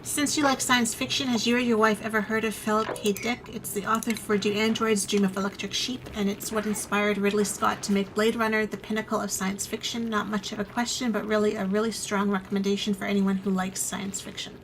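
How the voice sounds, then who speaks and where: A woman reading viewer questions aloud on a live stream in an even, steady way. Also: medium pitch, fairly quick, hardly any pauses, background noise. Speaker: co-host reading chat questions.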